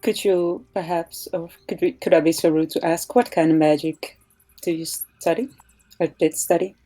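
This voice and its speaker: A woman speaking slowly and politely as a player in a tabletop game. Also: on the low side, steady tone, dark tone, soft background music, poor audio. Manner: polite, slow and careful. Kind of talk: casual tabletop game chat.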